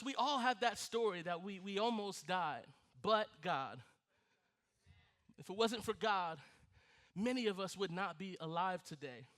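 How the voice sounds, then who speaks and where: A man preaching with a strikingly high, bright voice. He tells his stories in an animated way, laughing and acting out the scenes as he goes. The delivery has a forceful edge that carries. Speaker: pastor. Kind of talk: sermon.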